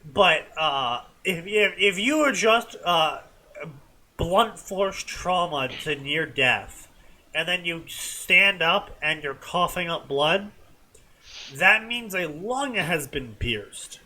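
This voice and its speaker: A man reads fanfiction aloud in a slow, deadpan way and sums up the dull parts with "blah, blah." His voice is slightly high and bright. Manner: deadpan, dismissive, with many "blah, blah". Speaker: co-host reading fanfiction. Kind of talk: comedic reading and commentary.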